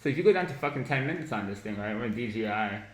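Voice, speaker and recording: Lowish-voiced guy explaining trades on a stream, swears a lot, mocks dumb takes, roomy echo. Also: lively intonation, rapid-fire. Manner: blunt, profane and mocking, with bursts of laughter. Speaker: market analysis streamer. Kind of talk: live-stream trading lesson.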